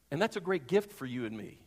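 A man's voice: on the high side, darkish tone. A man preaching a sermon in a conversational, emphatic way, asking the congregation questions. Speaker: pastor. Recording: long reverb of a large hall.

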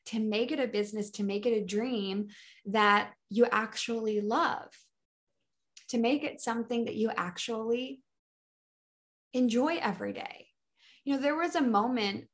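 A woman speaks as a business coach, her voice sitting at an ordinary middle pitch. She talks with eager, emphatic enthusiasm, restarting her phrases as she pushes a motivational message. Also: fairly bright tone. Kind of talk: motivational solo talk.

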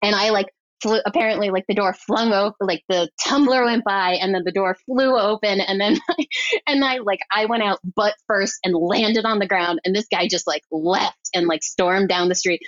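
A woman editor telling a lively, chatty story as a podcast guest, peppering her talk with "like". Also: mid-range voice, normal speed, dry recording. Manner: animated, chatty, heavy use of "like". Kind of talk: casual storytelling interview. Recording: dry, slightly dull podcast audio.

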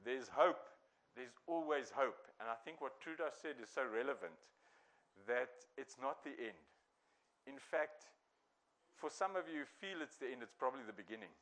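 A man preaching a sermon to his church in a relaxed, conversational way with frequent restarts. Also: mid-range voice, moderate pace, low-quality recording. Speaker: pastor.

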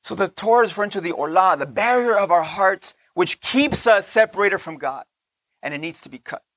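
A high-pitched man delivers a sermon in a casual, conversational way, constantly asking his listeners "right?" His voice is bright and forceful. He slows down to stress a point and sometimes drops almost to a whisper, and the sound is dry and close. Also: expressive, dry recording. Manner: slows down to stress points, laughs between lines. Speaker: teacher of a Torah portion.

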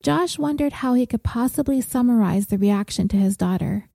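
A woman reads a novel aloud in a measured, gentle way. Her tone is deeply dark and mellow, and the recording is dry and close, with no room around her. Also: expressive, creaky, no room sound. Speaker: audiobook narrator. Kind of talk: scripted narration.

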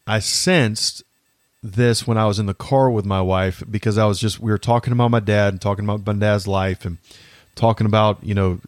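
A man in his thirties with a low-pitched voice hosts a faith-based podcast. He speaks earnestly and haltingly, with frequent fillers and restarts. The recording is close and dry, with no room echo. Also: darkish tone. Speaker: podcast host. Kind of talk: faith-based personal reflection.

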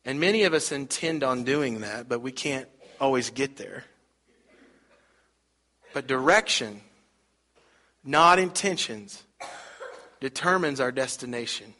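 Bright-voiced pastor telling a sermon story. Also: male voice, mid-range voice, expressive, measured pace, pauses often. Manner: conversational storytelling with rhetorical questions to the congregation.

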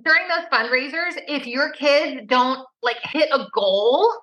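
A woman with a high, bright voice co-hosts a casual chat. She comes in with quick, joking remarks and tells her own story in the same easy way. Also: lo-fi sound. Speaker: podcast co-host.

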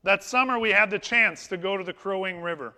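Male pastor, high voice, conversational storytelling sermon, church reverb. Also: fairly quick. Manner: conversational, anecdotal, warm humor. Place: church sanctuary. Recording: long hall reverb in a church.

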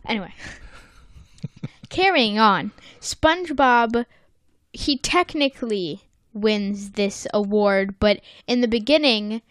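An American woman with a mid-range voice, recorded dry with clean studio sound, co-hosts a podcast. She recaps a cartoon episode in casual chat, playfully acting out the characters in quotes.

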